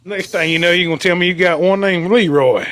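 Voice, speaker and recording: A man chatting casually on a podcast, laid-back and quick to laugh. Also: sits high, fairly bright tone. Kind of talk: casual chat. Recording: faint background noise.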